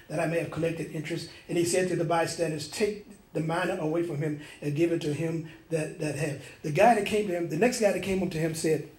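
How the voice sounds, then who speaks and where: A man preaches with a high, bright voice. He tells a dream in lively detail and acts out the voices and sounds in it. The sound carries an echo of the room around him. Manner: animated storytelling, acting out voices and sounds. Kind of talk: sermon testimony.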